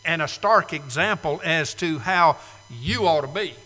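A man's voice: a little high, animated, a little slow, bright, forceful tone, long reverb tail. A man preaching a sermon to a live congregation, emphatic and fond of repeating key phrases. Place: church sanctuary, live congregation.

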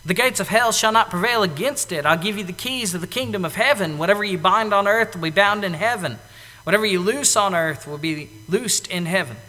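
A man preaching a sermon in an animated way, acting out the lines he quotes, now loud and now soft. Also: high-pitched, a little fast, in a large hall. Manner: animated, acts out quoted lines with big swings in loudness.

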